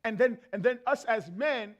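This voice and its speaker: Man, very high-pitched voice, church sermon, conversational, emphatic repetition, acts out everyday exchanges. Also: expressive, normal speed. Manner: emphatic, repeats phrases for effect. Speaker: preacher. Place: church in front of a congregation.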